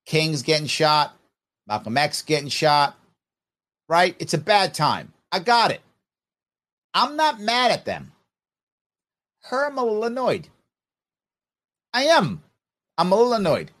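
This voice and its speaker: A man's voice: sits high, fairly bright tone. A middle-aged man hosting a podcast and giving opinionated commentary, talking straight to listeners with rhetorical questions. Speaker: podcast host.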